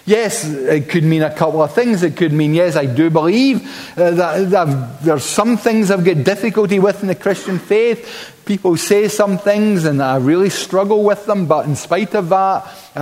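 Animated preacher in a reverberant church. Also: male voice, high voice, measured pace. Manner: animated, dramatizes quotes with exclamation. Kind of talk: sermon.

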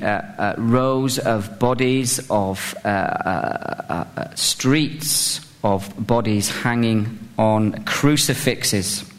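With a fairly low voice and a long reverb tail behind him, a British preacher delivers a funny, self-deprecating sermon. He rambles chattily with plenty of fillers before rising to fervent emphasis.

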